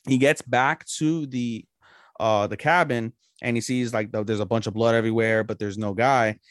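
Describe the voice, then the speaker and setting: On a casual anime review podcast, a co-host speaks in a mid-range voice with fairly even intonation at normal speed. He rambles loosely and profanely through the plot recap, captured in clean studio sound with no room noise.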